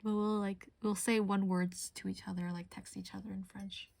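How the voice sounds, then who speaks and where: A young woman chats casually on a live stream and drifts from one thought to the next as she answers her viewers. Her voice sits at a middle pitch and sounds close and dry. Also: level tone, normal speed, vocal fry, darkish tone, no echo. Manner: chatty, rambling, answers chat. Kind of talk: casual chat while crafting on stream.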